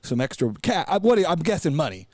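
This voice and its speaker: A man tells a long, rambling story on a studio podcast, cussing freely and getting animated. His voice sits fairly high for a man. The sound is dry and close. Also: a little fast, dry recording. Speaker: podcast co-host. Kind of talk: casual storytelling chat.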